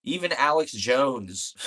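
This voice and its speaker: A man's voice: mid-range voice, lively intonation, slow, sharp tone. A man in a casual political rant, profane, exasperated and rambling, with many fillers.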